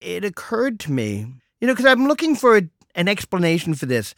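A middle-aged man hosting a solo podcast, telling a story in a wry, deadpan way with mock exasperation. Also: high-pitched, fairly quick, no echo, studio quality. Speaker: podcast host.

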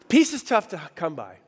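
A middle-aged man, a pastor, telling a funny personal story in a sermon, animated and conversational, often asking the audience questions. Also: sits high, breathy edge. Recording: reverberant hall.

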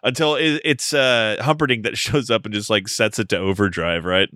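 Guy with a real low, bright crisp voice, laid back movie podcast chat, dry close mic. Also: normal speed, no room sound. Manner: laid-back, recaps plot with joking asides. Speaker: podcast co-host. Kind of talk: casual movie review chat.

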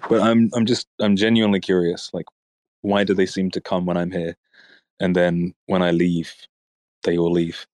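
A man with a British accent and a deep baritone voice, teasing the others in deadpan casual chat on a group voice call. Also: moderate pace, no room sound.

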